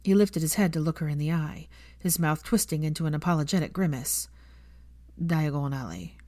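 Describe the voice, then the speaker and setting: Woman, audiobook narrator, steady, measured, low voice, dry close sound. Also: no room sound. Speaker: fan fiction narrator.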